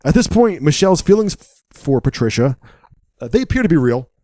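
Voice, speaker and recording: A man co-hosting a podcast, recapping a film in a casual, wry, joking way with deadpan asides. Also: a little high, brisk, no echo.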